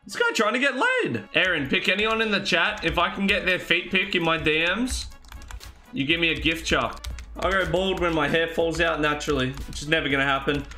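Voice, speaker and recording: A man's voice: a little high, brisk, sharp tone, faint music behind. A man streaming a video game, chatting casually with his live chat, reading messages aloud and laughing often.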